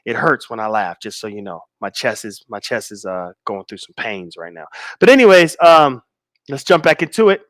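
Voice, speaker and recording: A man in his forties hosts a livestream, reading viewers' comments in laid-back banter and slowing into emphatic stress on his key points. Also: fairly low pitch, big pitch swings, a bit bright, no room sound, studio quality. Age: 40s. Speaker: livestream host.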